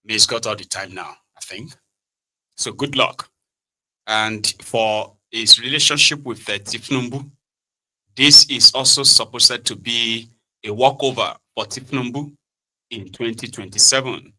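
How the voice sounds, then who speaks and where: Nigerian male host, very bright edgy tone, sarcastic casual commentary. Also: mid-range voice, a little slow, poor audio. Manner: chatty, sarcastic, with many "right?" tags. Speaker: political talk show host.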